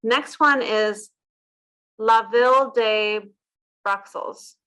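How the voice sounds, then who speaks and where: An American woman hosting a casual interview, chatty and quick, laughing easily at her own mistakes. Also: on the high side, fairly bright tone, smooth, low-quality recording. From United States. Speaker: host of a rose channel.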